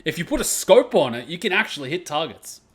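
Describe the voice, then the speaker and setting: A man hosting a casual reaction video, animated and outspoken, swearing and laughing as he talks. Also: on the high side, quick pace, noisy background.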